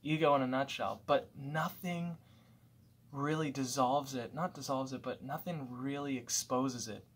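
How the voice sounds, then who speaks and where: A man's voice: mid-range voice, a little slow, a bit bright, breathy edge. A man talking through his thoughts in a casual, reflective monologue at home, rambling and restarting as he goes. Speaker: vlogger.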